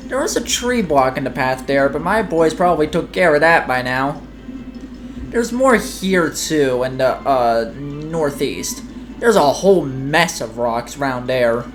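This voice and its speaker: A woman voicing a gruff, pushy older male mushroom foreman from a video game, with a folksy drawl and a put-on accent, reading the game's lines aloud. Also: sits low. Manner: folksy drawl, clipped slangy grammar; put-on accent she calls terrible.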